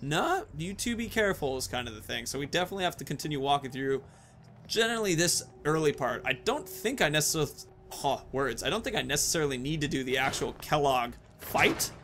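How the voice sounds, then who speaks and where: A man's voice: on the high side, animated, fast talker, fairly bright tone, a little hiss or hum. A man casually commenting over gameplay, chatty and jokey. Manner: chatty, jokey, laughs often.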